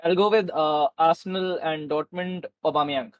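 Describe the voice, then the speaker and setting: A man co-hosting a podcast, answering a football quiz slowly and hesitantly. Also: a little high, fairly even intonation, no echo, rough recording. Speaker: podcast co-host, quiz contestant. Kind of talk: casual chat.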